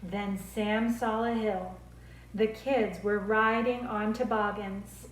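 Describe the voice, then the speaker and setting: A woman speech therapist reading picture books aloud to children, slow, clear and expressive. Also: medium pitch, a little hiss or hum. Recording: roomy echo.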